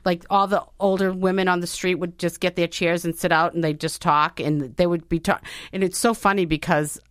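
A woman's voice: lowish voice, steady tone, a little fast, no echo, studio quality. A woman hosting a radio talk show, telling stories in a chatty way with many restarts and asides. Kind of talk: casual radio chat. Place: radio studio.

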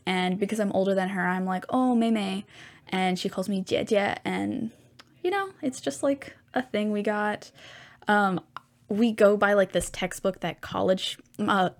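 A teenage girl talking on her own podcast in a loose, rambling monologue. She talks at a middle pitch and piles on fillers as she drifts between thoughts. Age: teens. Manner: rambling, filler-heavy, chatty. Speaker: podcast host.

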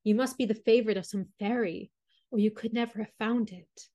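A woman's voice: on the high side, fairly even intonation, fairly quick, mellow, close to an everyday voice. A woman voicing a proud young princess in a storybook reading, speaking in an imperious, demanding way. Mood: haughty.

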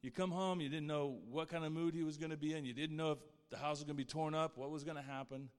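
A man's voice: on the high side, steady tone, quick pace, clean tone. Earnest man's testimony in a reverberant hall. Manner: earnest and heartfelt, speaking of faith. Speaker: guest speaker sharing his testimony. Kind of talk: personal faith testimony.

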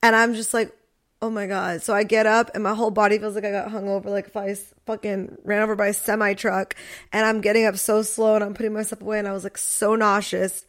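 A young woman co-hosting a podcast, telling a story in casual chat, animated and swearing, acting out quotes. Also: mid-range voice, fast talker. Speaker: podcast co-host.

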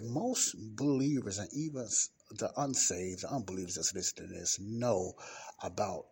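Deep-voiced man teaching softly. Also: normal speed, slightly rough. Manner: rambling, repeats words, talks low. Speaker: Bible teacher. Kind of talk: informal podcast Bible teaching. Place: library study room by a window. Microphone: close to the mic. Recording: faint traffic and room noise.

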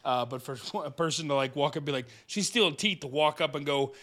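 A man's voice: medium pitch, fairly even intonation, quick pace, a bit bright. A man co-hosting a casual anime recap, playful and jokey, laughing often. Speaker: podcast co-host.

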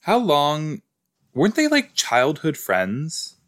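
A man's voice: on the high side, huge pitch swings, takes it slowly, fairly bright tone. A man hosting a podcast, chatting casually and reacting aloud to a show as he watches it, with rambling asides. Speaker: podcast host.

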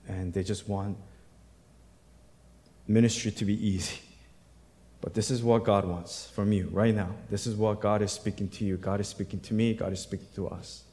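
A male pastor preaching a sermon, reading scripture aloud and building to loud, emphatic bursts before dropping back to a quiet voice. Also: on the low side. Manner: reads scripture aloud, acting out the quoted voices. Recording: long hall reverb.

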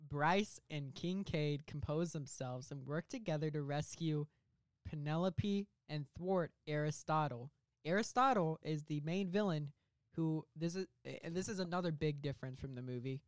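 A man's voice: a little high, normal speed, clear, resonant tone, no room sound. A young man co-hosting a casual podcast, rambling through a story with lots of filler words. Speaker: podcast co-host pitching a movie idea.

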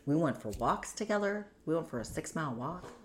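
A woman's voice: low voice, animated, a little fast, slight background noise. A woman as a guest, earnestly recounting her own story in conversation, with lots of "you know" and "like". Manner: earnest, tumbling narration full of "you know" and "like". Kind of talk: candid personal storytelling in conversation.

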